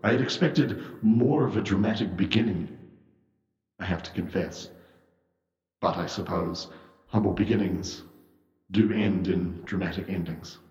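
A man voicing a calm, uncanny male questioner in a tabletop game, speaking softly and cryptically. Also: low-pitched, unhurried, pauses often. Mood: cryptic. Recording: echoey hall, dull lo-fi sound.

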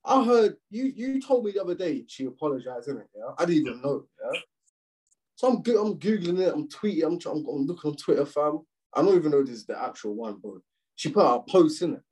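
Slangy young man, husky and dark. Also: fairly high pitch, quick pace, low-quality recording. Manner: slangy, swearing, animated rants. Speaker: podcast co-host. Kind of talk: casual chat.

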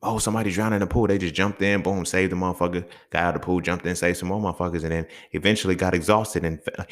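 A low-voiced podcast host talks quickly with few pauses and fairly even intonation in his unscripted solo monologue. Blunt and profane, he often builds into emphatic rants while repeatedly checking in with the listener.

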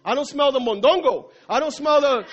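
A small, flustered fly stammers in a high, anxious voice, as a man acts it out. The sound is dull and lo-fi. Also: brisk. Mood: panicked. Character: small panicked fly caught in a web. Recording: dull lo-fi recording.

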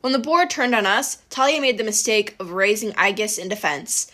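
A woman reading a first-person adventure audiobook with brisk, expressive storytelling. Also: medium pitch. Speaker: audiobook narrator.

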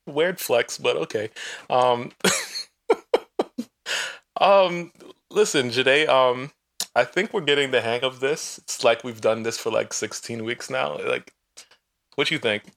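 A man's voice: mid-range voice, takes it slowly, creaky, long pauses, a bit bright. Young guy cracking jokes on a podcast, laid back. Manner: joking, teasing banter. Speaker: podcast co-host. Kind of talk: casual chat.

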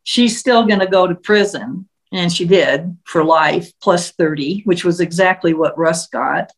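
This storyteller has a fairly low, slightly slow voice, captured on a rough recording. She tells the story of a case in a casual way, bringing events to life and briefly imitating the people she quotes.

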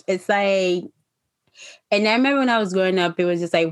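A woman's voice: medium pitch, a little fast, pauses often. A Haitian woman co-hosting a casual chat, talking loosely with many fillers and restarts. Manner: chatty, full of fillers.

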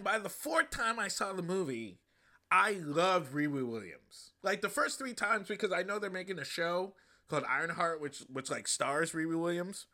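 A man hosting a podcast, reviewing a movie in a loose, profane, animated way. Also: fairly high pitch, fairly quick. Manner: loose, profane and animated, acting out quoted lines. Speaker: podcast host. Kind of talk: casual comedic movie review.

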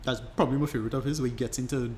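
A man's voice: mid-range voice, fairly even intonation, rapid-fire, dark tone. Guy rambling thru a long explanation, chatty podcast vibe, bit of hiss behind. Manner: rambling, restarts often, enthusiastic explainer. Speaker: podcast co-host. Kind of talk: casual chat.

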